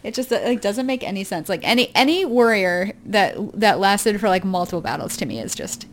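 Animated young woman, chatty. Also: mid-range voice, fairly quick, slight background noise. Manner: animated, restarts phrases, laughs easily. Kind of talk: casual chat.

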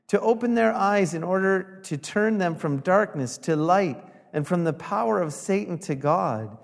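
A man preaching a sermon as pastor, lively and acting out the people he quotes with rising volume. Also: fairly high pitch, big-room sound. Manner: animated, acts out quoted voices with rising volume.

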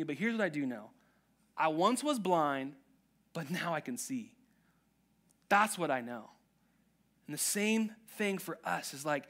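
Chatty, animated male pastor. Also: fairly high pitch. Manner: chatty, animated, acts out quotes. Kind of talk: casual sermon.

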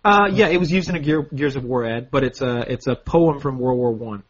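A man's voice: mid-range voice, a little fast, slightly rough, dry recording, muffled recording. A man co-hosting a podcast, chatting casually, enthusiastic and pushy, swearing freely. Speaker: podcast co-host. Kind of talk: casual chat.

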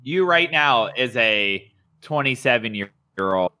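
A man's voice: medium pitch, animated, a little slow, pushed and bright, no echo, studio quality. A man hosting a casual podcast chat, rambling and correcting himself, laughing often. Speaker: podcast host.

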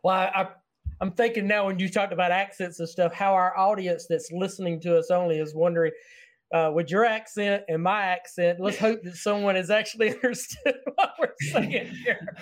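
A man in his forties with a Southern American accent, hosting an interview in a warm, encouraging manner. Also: high voice, fairly even intonation, moderate pace. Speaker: podcast host. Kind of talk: conversational interview.

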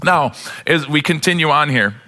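A man's voice: on the high side, lively intonation, moderate pace, sharp tone. A man pastor preaching a sermon with impassioned delivery, sometimes acting out the characters in the story.

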